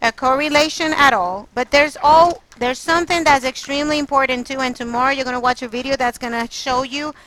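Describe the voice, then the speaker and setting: A woman's voice: high voice, brisk, few pauses, fairly bright tone, poor audio. A woman math teacher leading a classroom lesson, quizzing her students and coaxing answers out of them. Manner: coaxing, quizzing students, exasperated then apologetic.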